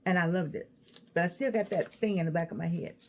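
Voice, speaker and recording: A woman's voice: on the low side, quick pace, a little mellow, slight background noise. An older woman, chatting to camera and giving life advice in a sassy, digressive way. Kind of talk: casual chat to camera.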